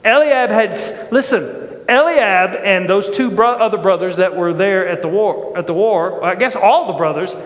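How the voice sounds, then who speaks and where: High-voiced preacher in an echoing hall. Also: male voice, moderate pace. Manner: conversational, asks the congregation questions. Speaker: pastor. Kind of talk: sermon. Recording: echoey church hall with long reverb.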